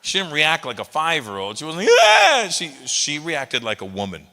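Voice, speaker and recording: A middle-aged man doing a stand-up comedy set, animated and breaking into loud shouted impressions. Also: medium pitch, normal speed. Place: live comedy venue with an audience. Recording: long reverb of a large hall.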